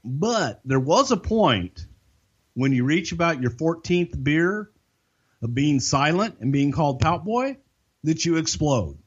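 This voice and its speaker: A man spins a swearing-heavy backstage story in an easygoing talk-show chat, his pitch rising and falling a lot. The audio is a little dull and lo-fi. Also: measured pace, husky. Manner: profane, animated storytelling. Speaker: podcast guest. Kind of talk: casual anecdotal storytelling.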